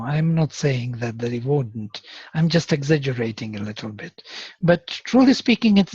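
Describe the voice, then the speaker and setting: A man teaching Sanskrit in a seminar, speaking as a with many pauses and chanting verses aloud. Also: on the high side, darkish tone, husky, dry recording. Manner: slow, halting, chants verses. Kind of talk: seminar lecture with recitation. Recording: dull, dry lo-fi recording.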